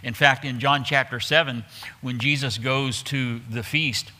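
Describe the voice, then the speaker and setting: Bright-voiced man preaching a Bible sermon. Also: mid-range voice, fairly even intonation, a little slow. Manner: conversational teaching with frequent restarts, reading scripture aloud. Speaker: pastor.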